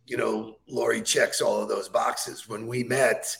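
Gravelly joking male co-host. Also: fairly low pitch, little pitch movement, measured pace, a bit bright. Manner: joking, loose. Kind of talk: casual chat.

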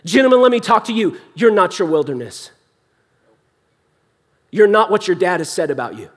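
A man's voice: high-pitched, expressive, normal speed. A young adult man preaching a sermon in a church hall, impassioned yet conversational.

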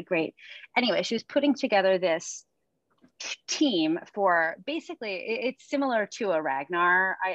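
A woman's voice: medium pitch, fairly bright tone, no room sound, dull audio. Chatty New woman coach telling stories. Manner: chatty storyteller, laughs often, acts out quotes. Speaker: running coach and podcast host. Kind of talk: casual chat.

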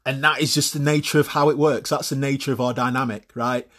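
Husky-voiced, blunt man. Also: mid-range voice, steady tone, brisk, a bit bright. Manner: blunt, swears freely, repeats words while thinking. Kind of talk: opinionated solo monologue.

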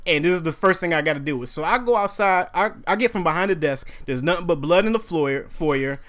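A young man in casual podcast talk, telling a story with animated quoted voices. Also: on the high side, a little fast. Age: young adult.

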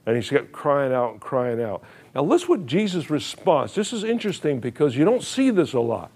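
Man, pastor, preaching a sermon, mid-pitched, emphatic, repeats himself, folksy wording, asks listeners questions. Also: big pitch swings, a little fast, darkish tone, husky. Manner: frequent uh fillers and restarts, plain folksy wording.

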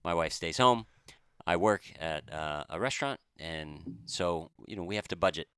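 A man co-hosting a podcast, telling a story in a casual, animated and self-deprecating way. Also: sits low, normal speed, clean tone, no echo, clean studio sound. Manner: animated, self-deprecating, quotes others in raised voice. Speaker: podcast co-host.

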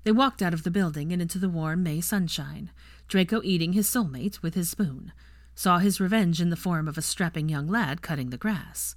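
A woman narrating a fan fiction story softly, reading to listeners. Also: lowish voice, moderate pace, dry recording, clean studio sound. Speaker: audiobook reader.

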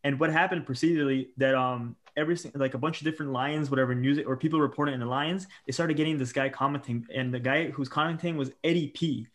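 Fast-talking profane male podcaster. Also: mid-range voice, fairly even intonation. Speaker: podcast co-host. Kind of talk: casual sports chat. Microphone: remote call mic.

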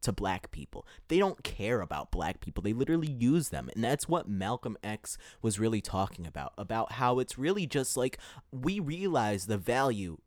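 A man's voice: lowish voice, big pitch swings, brisk, hardly any pauses, no echo, clean studio sound. A man hosting his own podcast, giving a casual opinion monologue and thinking aloud as he searches for his words. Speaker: podcast host.

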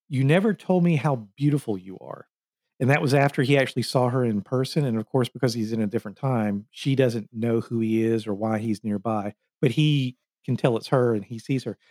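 A man's voice: mid-range voice, dry recording, clean studio sound. Nitpicky man picking apart a movie. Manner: nitpicky, questioning, animated retelling. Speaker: podcast co-host. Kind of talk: casual movie review chat.

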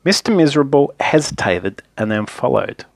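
Lively, playful male storyteller. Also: mid-range voice, moderate pace, vocal fry, dry recording. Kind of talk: children's story reading.

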